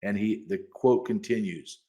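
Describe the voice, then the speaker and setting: A man co-hosting a podcast in casual chat, animated and quick to get excited, sometimes reading quotes aloud. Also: fairly low pitch. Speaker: podcast co-host.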